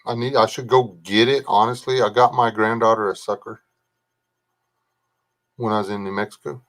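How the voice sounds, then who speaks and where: A man's voice: lowish voice, fairly even intonation, normal speed, a bit bright. An older man, rambling casually as he hosts a livestream, greeting viewers by name and chatting about his family. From Texas. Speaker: livestream host. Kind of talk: casual live chat reading comments.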